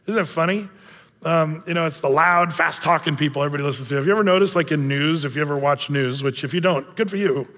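A male pastor teaching a verse-by-verse Bible study in a relaxed, conversational way, with many fillers and self-deprecating humor. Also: on the high side. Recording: long reverb of a big hall.

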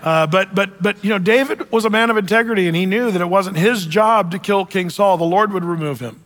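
A male pastor preaching a sermon, telling the story in an animated way with joking asides. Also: sits high, brisk. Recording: long hall reverb.

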